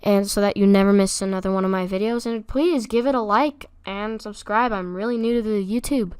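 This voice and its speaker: A young woman giving chatty, excitable gameplay commentary as a YouTuber, repeating words when flustered. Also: medium pitch, a little fast, smooth, dry recording, studio quality. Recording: faint music behind.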